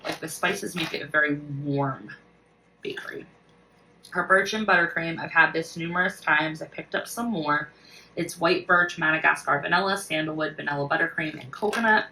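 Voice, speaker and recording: A woman's voice: deep voice, bright, forceful tone, recorded from a distance, rough recording. A woman casually reviewing her collection for a vlog, gushing with enthusiasm. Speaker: wax collection vlogger.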